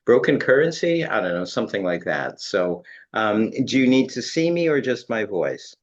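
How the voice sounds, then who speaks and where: A man's voice: lowish voice, very animated, normal speed, dull audio. A man joining a magic show by video call as the guest assistant, giving dry, joking replies. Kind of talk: casual chat.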